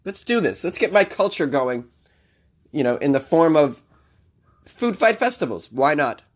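A man's voice: a little high, animated, normal speed. A man hosting his own podcast in a loose, jokey, rambling way, often laughing at his own lines. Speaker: podcast host. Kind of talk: casual solo podcast chat.

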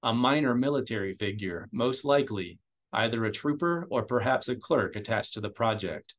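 A man reading an audiobook in steady, measured storytelling narration. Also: medium pitch. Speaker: audiobook reader.

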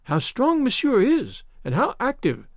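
A man's voice: sits high, sing-song, a little fast, no echo, studio quality. A man reading aloud and voicing a young captive Arab woman who speaks in a breathless, pleading way. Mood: eager.

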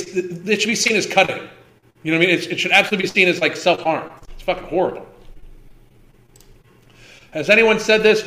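In a roomy-sounding livestream, a male host in his fifties rants in a high, pushed, bright voice. He swears heavily and hammers his points home with emphatic repetition, sounding profane and heated.

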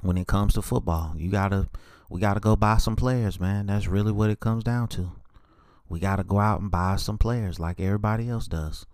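A man hosting a solo sports podcast, speaking in a dejected monotone with many halting fillers. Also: lowish voice, clear, resonant tone, no echo, clean studio sound. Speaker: podcast host.

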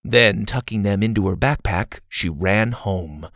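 A man reading a children's story aloud in expressive, scripted narration. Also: lowish voice, measured pace, dry recording, studio quality. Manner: expressive, varied delivery.

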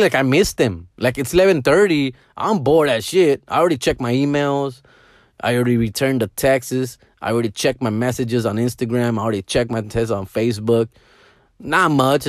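A middle-aged man telling casual stories, slangy and animated, mixing in Spanish words and dropping to hushed mumbles. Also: medium pitch, no room sound, studio quality. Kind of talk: casual storytelling monologue.

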